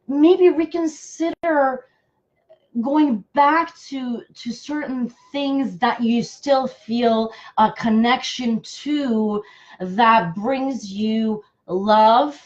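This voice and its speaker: Slow, affectionate woman card reader. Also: fairly high pitch, dull audio. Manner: affectionate, halting with many fillers and restarts. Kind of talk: live card reading for viewers.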